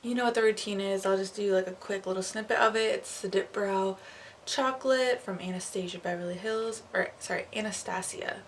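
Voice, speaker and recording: A woman's voice: mid-range voice, brisk. Chatty young woman giving a makeup tutorial. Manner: chatty, casual, filler-heavy with "um" and "like". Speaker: makeup artist. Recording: slightly distant mic with faint noise.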